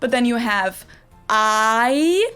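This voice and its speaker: A woman's voice: a little high, lively intonation, fairly bright tone. German woman explaining pronunciation, faint music. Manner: clear, deliberate demonstrations of pronunciation. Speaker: language teacher in a video. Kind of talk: scripted explainer.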